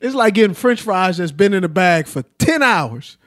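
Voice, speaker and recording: A man's voice: sits high, sing-song, moderate pace, fairly bright tone. A man hosting a casual chat, joking and using a lot of slang. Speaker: host.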